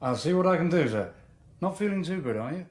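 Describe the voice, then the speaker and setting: An actor playing a deferential Victorian club porter in a radio drama. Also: male voice, a little high, lively intonation, fast talker, natural voice. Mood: courteous. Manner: deferential, attentive.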